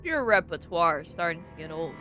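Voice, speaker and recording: A woman reading the lines of a smug, taunting male villain, a touch lower than her own voice. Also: sing-song, a little fast, bright, forceful tone, soft background music. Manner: smug, mocking read.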